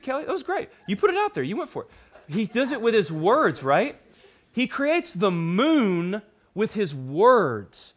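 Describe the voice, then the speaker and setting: A young adult man preaching a sermon, casual and animated, with frequent fillers and quick asides to the audience. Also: high voice. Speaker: pastor.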